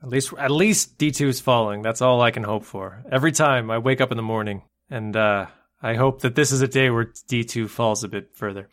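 A man's voice: medium pitch, brisk, fairly bright tone. Wry opinionated male podcast host. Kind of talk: casual podcast chat.

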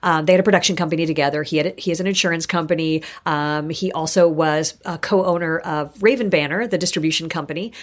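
A woman's voice: low voice, fast, few pauses. A middle-aged woman, a guest on an interview podcast, telling her career stories casually and acting out the voices of people she quotes. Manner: animated, acts out quoted voices. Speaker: guest, actor and insurance broker.

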